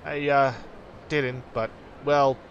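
A man playing a sheepish young boyfriend who stammers and trails off, always on the back foot. Clear street and traffic noise runs underneath. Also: mid-range voice, little pitch movement, slow, highs cut off. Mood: nervous. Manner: stammering, hesitant.

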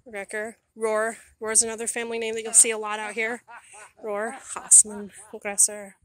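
A woman slowly reading names off headstones one by one in an outdoor church graveyard. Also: a little high, completely flat delivery, a bit bright.

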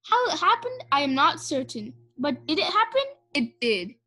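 A woman's voice: high voice, big pitch swings, sharp tone, heavily acted. A woman voicing an earnest, formal man who is a police officer in a storybook. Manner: brisk, formal, talks to himself.

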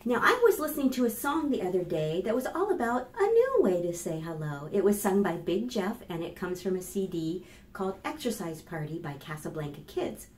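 A woman librarian leading a children's storytime, reading aloud in an animated, sing-song way and talking straight to young children. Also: medium pitch, fairly quick, roomy sound, a little hiss or hum.

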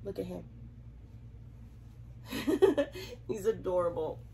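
A young Southern US woman vlogs to camera about her reborn dolls, congested from a cold and giggling often. Her voice is lowish, slow, gravelly and dark-toned, with big pitch swings, and the poor audio carries a little hiss or hum.

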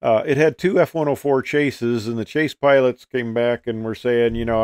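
A man's voice: medium pitch, steady tone, moderate pace, darkish tone, clear, resonant tone, dry recording. Older man, retired pilot, casual storytelling, rambling, fillers, dry close sound. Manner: rambling, folksy, many fillers and restarts. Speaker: retired pilot telling stories.

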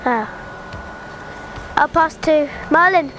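Gaming host, woman, bright tone, unhurried between outbursts, shouts at her team. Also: high voice, slight background noise. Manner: excitable, yelling at teammates. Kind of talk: live gameplay commentary.

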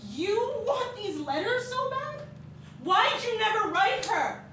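A woman's voice: very high voice, very animated, slow, heavily acted. An actress playing a bitter grown child who harshly curses and accuses an absent father, in a stage monologue. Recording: very echoey stage from far off, room noise.

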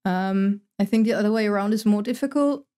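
With a mid-range, warm, clean voice and a fairly quick pace, this young woman from the Netherlands gives casual gameplay commentary to her live chat. She speaks with a Dutch accent, reading viewers' messages aloud and answering them with dry humor.

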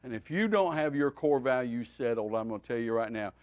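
A man, a pastor, teaching a Bible study in a folksy, animated preaching style that swings between loud and quiet. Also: mid-range voice, fairly quick.

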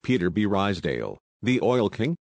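Bold young woman detective as a man reads her, conspiratorial, breezy, slangy, lowish voice, dry close sound. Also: very animated, normal speed, vocal fry, darkish tone, no echo. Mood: sly, breezy. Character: bold playful young woman sleuth, posing as an American detective.

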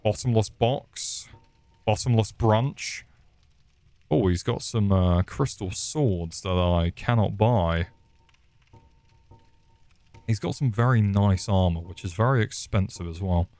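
Man, young, gameplay commentary, unhurried delivery, crude banter with enemies, desk mic. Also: on the low side, dark tone, dry recording, faint music behind. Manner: crude joking, chatting to enemies. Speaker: streamer.

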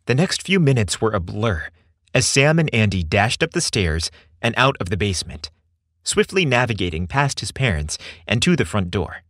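Male narrator, low and lively, dry close sound. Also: normal speed, no echo. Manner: expressive storytelling. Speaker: story narrator. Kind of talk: scripted narration.

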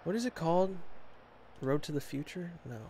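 A man's voice: fairly high pitch, animated, background noise. Chatty young man commenting on his game. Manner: chatty, self-talking, quick exclamations. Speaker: gaming channel host. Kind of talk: casual gameplay commentary.

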